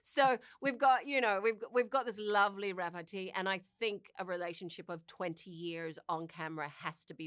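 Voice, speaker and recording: A woman's voice: low-pitched, no room sound. Chatty New Zealand woman, dry close sound. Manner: chatty and expressive, acts out little quoted exchanges. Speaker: actor being interviewed. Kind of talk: casual interview chat.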